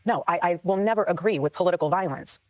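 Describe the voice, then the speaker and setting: A woman answers questions from a town hall audience, earnest and emphatic. She talks quickly in a slightly low voice. The recording is dry, with no room echo.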